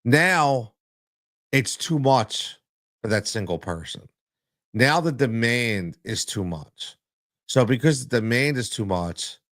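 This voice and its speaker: A man's voice: medium pitch, a bit bright, dry recording, studio quality. A man hosting a solo sports podcast as a coach, talking emphatically and repeating his points for stress.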